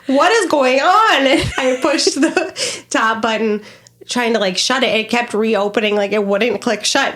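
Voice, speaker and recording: A woman co-hosting a podcast in casual chat, telling funny family stories as a mother of toddlers and laughing often as she talks. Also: on the high side. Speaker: podcast co-host.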